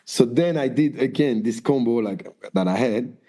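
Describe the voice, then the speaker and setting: A man's voice: mid-range voice, moderate pace. A man from France with a French accent, a guest dancer telling stories in a casual interview and acting out what people said. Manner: animated, acts out quotes in raised voices.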